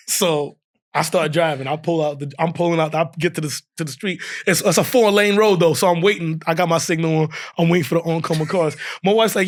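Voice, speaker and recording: A man guesting on a podcast tells a comic story in casual talk, his pitch fairly high and his delivery a little fast. He's lively, breaks into laughter often, and acts out people's words.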